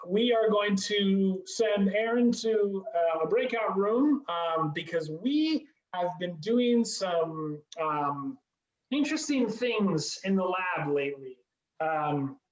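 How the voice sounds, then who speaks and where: A man's voice: high-pitched, echoey room, highs cut off. A man hosting an online improv comedy show, loose and rambling, often laughing. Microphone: video call.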